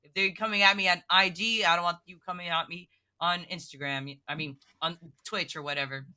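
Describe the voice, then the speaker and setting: A woman guest on a podcast, a miniature painter, speaks fairly quickly in a fairly low voice. She chats casually, excitable and emotional, filling her speech with lots of "like."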